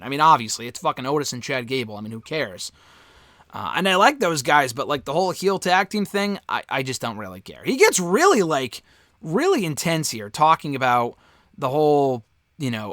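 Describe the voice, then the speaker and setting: A man's voice: a little high, a bit bright, no room sound, studio quality. A man giving a casual spoken review of a wrestling show, candid and offhand, swearing freely.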